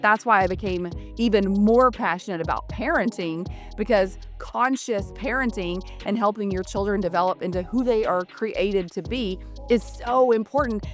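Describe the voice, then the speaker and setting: Earnest, reflective woman guest. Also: medium pitch. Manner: earnest and reflective, circling back to her points. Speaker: guest, a parent. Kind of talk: casual conversational interview.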